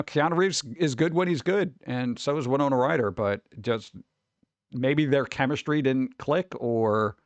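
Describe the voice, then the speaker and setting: A man hosting a casual live stream, rambling and mocking things with sudden jumps up into a high voice. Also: no room sound. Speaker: streamer host.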